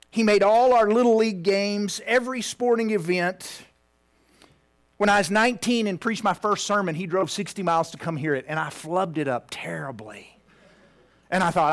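A man in his fifties preaching a heartfelt personal story, at times dropping to a hushed near-whisper. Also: high voice. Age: 50s.

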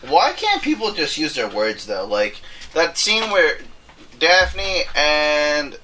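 A young man co-hosting a casual podcast chat, animated and laughing, jumping up in pitch to make a point. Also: slow, slight background noise. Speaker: podcast co-host.

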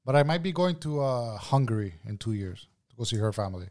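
A man in his thirties in a casual podcast chat, telling stories with lots of swearing and getting loud when worked up. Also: medium pitch, expressive, fast.

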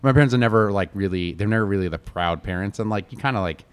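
A man with a very low voice rattles off his memories at a quick clip. He is a middle-aged chef from Connecticut, chatting casually in an interview, rambling from one anecdote to the next and leaning hard on fillers like "like" and "you know". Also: clean tone. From Connecticut, USA. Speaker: chef, guest.

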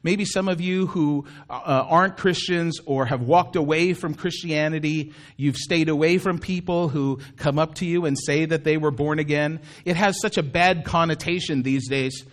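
A male pastor delivers a sermon in a relaxed, conversational way, often turning to the congregation with small asides. His speaking voice sits fairly high for a man. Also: moderate pace, few pauses.

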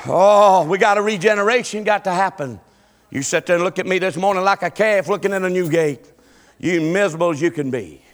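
A middle-aged man preaching a sermon, swinging between shouted peaks and low, quiet passages. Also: fairly quick, a faint crowd. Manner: shouting, rising and falling Southern preaching cadence.

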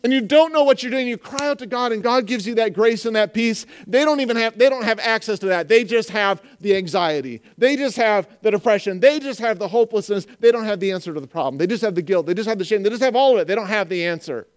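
High, smooth-voiced man preaching. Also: fast talker, hardly any pauses. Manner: animated, acts out voices and jokes with the congregation. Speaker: pastor. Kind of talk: sermon.

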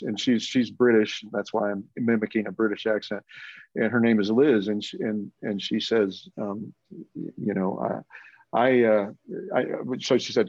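A man's voice: lowish voice, fairly even intonation, moderate pace, a little mellow, no room sound. Male church leader, earnest storyteller, restarts often, muffled lo-fi dry recording. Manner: earnest, rambling, full of restarts. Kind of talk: conversational storytelling. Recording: muffled lo-fi audio.

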